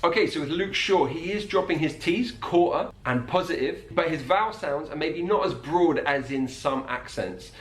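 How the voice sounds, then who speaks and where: A man teaching about accents in a clear, patient way, slowing down to demonstrate individual sounds. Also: a little high. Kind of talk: explanatory video lesson. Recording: echoey room.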